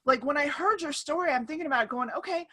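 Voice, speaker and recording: Speaking at a quick pace in a high register, a woman in her thirties hosts her podcast as a relaxed online-call conversation. She laughs a lot, stays lively, and frequently performs the voices of people she's quoting.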